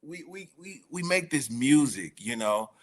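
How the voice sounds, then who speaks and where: A man's voice: mid-range voice, lively intonation, measured pace, breathy edge. A man as a guest, candidly telling his own recovery story in a slangy, emotional way. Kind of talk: personal recovery testimony.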